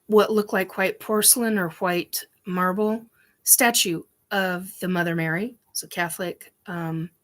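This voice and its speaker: A woman's voice: medium pitch, a bit bright. A woman hosting a show, telling a personal story in a rambling, emphatic way with many ums and restarts. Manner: emphatic, swears casually. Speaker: host.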